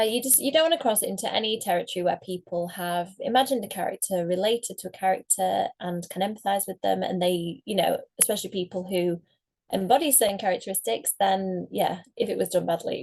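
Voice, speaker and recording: A woman's voice: medium pitch, fairly quick, gravelly, darkish tone. Chatty rambling woman author. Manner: chatty, rambling, laughs often. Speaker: author guest. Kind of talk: casual interview chat.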